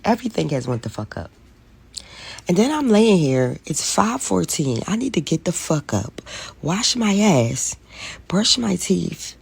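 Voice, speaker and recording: A woman's voice: low voice, animated, normal speed, vocal fry, darkish tone, husky. A woman venting to camera in a weary, profane way about being tired of adult life.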